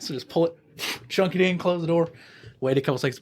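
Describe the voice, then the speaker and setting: A man, a podcast guest, telling animated stories in casual chat and acting out the people in them. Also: fairly high pitch, racing. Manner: animated storyteller, acts out voices. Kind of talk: casual storytelling.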